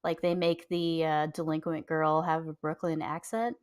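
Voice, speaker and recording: A woman's voice: deep voice, little pitch movement, moderate pace, a little mellow, smooth, dry recording, clean studio sound. A woman co-hosting a podcast, chatting casually with ums and laughs. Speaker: podcast co-host. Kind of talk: casual chat.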